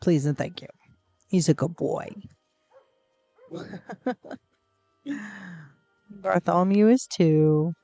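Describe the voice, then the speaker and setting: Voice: mid-range voice, slow pace, creaky, dark tone, no echo, soft background music. A game streamer in casual gameplay commentary, chatty and rambling, cooing at pets in the game, close to a desk mic.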